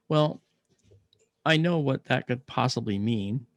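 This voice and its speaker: Male guest, gravelly voice, dry sound; animated storyteller who performs the dialogue of people in his story. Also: medium pitch, measured pace, dry recording. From United States. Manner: animated, acts out quoted voices. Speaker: interview guest. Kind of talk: personal storytelling.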